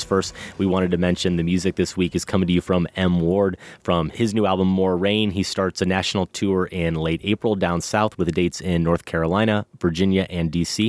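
A male podcast co-host chatting casually and reading listener donations aloud in a relaxed, wry way. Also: low-pitched, no echo.

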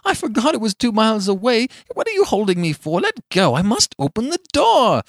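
A man voicing a frantic, grieving old mother who shrieks and pleads in high, desperate cries. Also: very animated, fairly quick, dry recording, studio quality.

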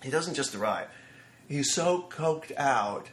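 Man in his fifties telling animated anecdotes. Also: mid-range voice, takes it slowly, roomy sound. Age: 50s. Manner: animated storyteller who acts out quotes. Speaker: screenwriter guest. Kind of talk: anecdotal storytelling interview. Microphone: studio microphone.

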